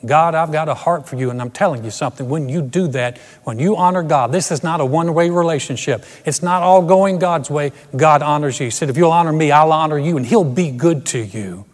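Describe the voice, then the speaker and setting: A man's voice: a little high, fairly quick, few pauses, long reverb tail. A middle-aged man preaching a sermon as pastor, earnest and emphatic, often restarting his phrases. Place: empty church auditorium.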